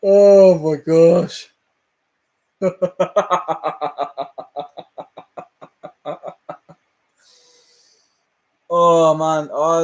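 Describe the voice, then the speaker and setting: A man hosting a casual livestream, ranting in an animated way, laughing often and swearing freely. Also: on the high side. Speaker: livestream host.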